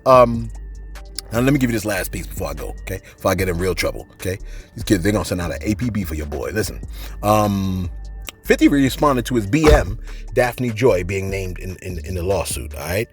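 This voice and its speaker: A man hosting a casual commentary show, preachy and animated, who keeps asking "okay?" and mentions teaching a class. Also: low voice, a little fast, faint music behind.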